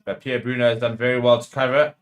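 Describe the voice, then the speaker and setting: A man's voice: medium pitch, flat delivery, fast. Man, watchalong host, live rugby play-by-play, partisan, heated outbursts. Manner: heated, ranting at the referee.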